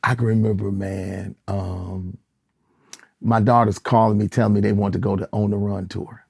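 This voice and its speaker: Middle-aged guy from michigan, gravelly low-ish voice, pastor telling stories, dry close mic. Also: normal speed, no echo. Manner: animated storyteller, acts out quoted voices. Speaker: gospel singer and pastor. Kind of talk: casual interview storytelling.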